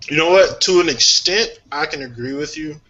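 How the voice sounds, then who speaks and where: A man on a casual music talk show, airing strong views about artists with lively energy. His tone is bright and forceful, and the recording sounds dull and lo-fi. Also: fairly high pitch, normal speed. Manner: opinionated, animated, laughs often. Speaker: podcast co-host.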